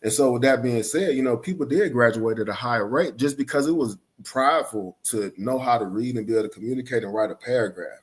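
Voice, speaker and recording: A man's voice: medium pitch, quick pace, few pauses. A middle-aged man from Atlanta, a school principal talking as a guest and telling stories in a reflective way, full of "you know" and "right?". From Atlanta, Georgia. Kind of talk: casual podcast conversation.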